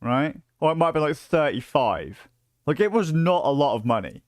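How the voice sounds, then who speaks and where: A man's voice: fairly high pitch, moderate pace, dry recording, clean studio sound. Swearing British man telling stories. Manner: profane, excitable storytelling with many fillers. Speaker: livestreamer. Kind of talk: casual rambling stream chat.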